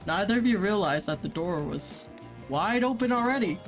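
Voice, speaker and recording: A young woman streamer reading a dating game's narration at a medium pitch, casual and playful with joking asides. Faint game music sits under her voice. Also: animated, normal speed.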